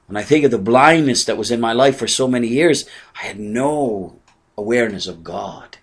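An older man preaching an earnest sermon, moving from soft asides to raised exclamations. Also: mid-range voice, normal speed, breathy edge. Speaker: pastor.

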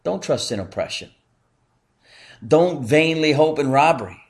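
Man preaching, emphatic then hushed. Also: on the high side, animated. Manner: earnest, swings from emphatic to hushed and slow. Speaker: pastor. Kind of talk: sermon.

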